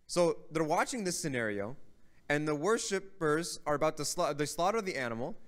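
A man's voice: a little high, lively intonation, fast talker, a bit bright. A man giving a religious lecture, telling a story in a conversational way and often checking in with the audience. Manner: conversational storytelling with frequent "right?". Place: mosque hall.

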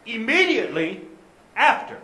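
A man in the congregation reading scripture aloud slowly and carefully in answer to the preacher. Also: extremely high pitch, big pitch swings, bright, forceful tone. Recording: roomy sound from a distance, faint noise.

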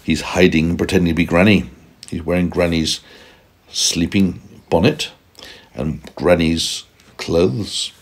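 A man with a low, husky voice reads a bedtime story to a toddler at home. He often pauses to ask simple questions and explain, in a patient, teaching way. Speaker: parent reading a bedtime story. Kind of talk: reading aloud to a small child.

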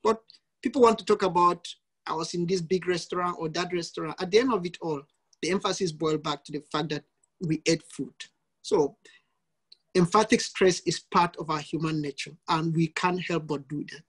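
A man's voice: a little high, moderate pace, husky. A male priest giving a teaching talk in an online session, emphatic and fond of repeated lists of examples.

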